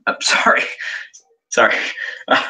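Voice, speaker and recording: A man's voice: a little slow, pushed and bright, low-quality recording. An Australian man co-hosting a casual livestream podcast, rambling and swearing freely. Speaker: co-host.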